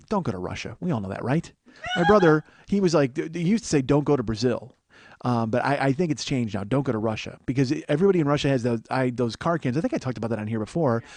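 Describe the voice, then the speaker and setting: A man in his forties hosts a comedy podcast in a loose, rambling monologue. He swears freely and mocks himself as he goes. His voice sits fairly high, and the studio mic is dry and close. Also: darkish tone, dry recording. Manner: profane, self-mocking, rambling. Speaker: podcast host.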